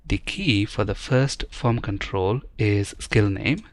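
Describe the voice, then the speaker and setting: A man's voice: on the low side, takes it slowly, no room sound. A man explaining programming step by step in a screen-recorded coding tutorial, in a methodical teaching manner. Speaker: programming instructor.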